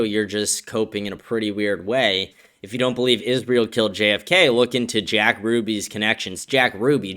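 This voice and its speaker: A man's voice: fairly low pitch, fairly bright tone, clean tone. Blunt, profane man hosting a stream. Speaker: host. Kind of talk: casual live-stream commentary.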